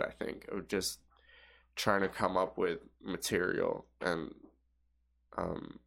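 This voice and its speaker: A young man with a fairly low voice rambles through a casual podcast monologue. He swears freely and keeps stopping to restart his sentences, padding them with fillers. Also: fairly bright tone. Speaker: podcast host.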